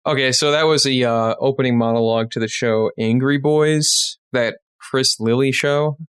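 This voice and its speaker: A man hosts a podcast in relaxed casual chat. He talks easily and often halts on fillers. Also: mid-range voice, clean tone. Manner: easygoing, halting with fillers. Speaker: podcast host.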